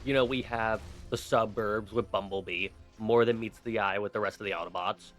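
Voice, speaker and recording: A man's voice: on the low side, fairly even intonation, normal speed, fairly bright tone, soft background music. A man rambling through gripes in a game review, exasperated and complaining. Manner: exasperated, griping. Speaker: gaming video commentator.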